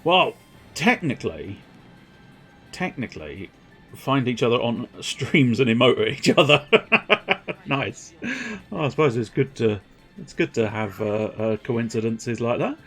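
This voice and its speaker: A man's voice: medium pitch, animated, measured pace, pauses often, fairly bright tone, soft background music. A man streaming a video game, chatting casually with viewers in a rambling, self-mocking way. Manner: rambling, self-mocking, breaks into silly voices. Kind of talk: casual live game commentary.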